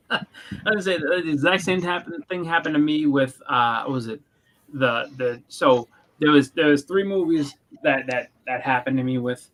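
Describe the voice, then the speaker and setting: A man's voice: fairly high pitch, fairly bright tone, poor audio. A young man in casual chat, rambling with restarts and acting out moments as he goes. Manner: rambling, restarts, quick reenactments.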